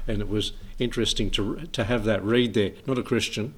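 A man's voice: lowish voice, fairly even intonation, normal speed, breathy edge. Chuckling man leading a Bible study. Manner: rambling, chuckles often, reads scripture aloud. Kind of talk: informal Bible study talk.

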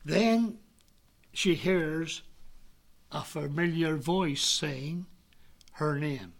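Man, preacher, sermon, high voice, slow delivery, earnest, soft near-whispers.

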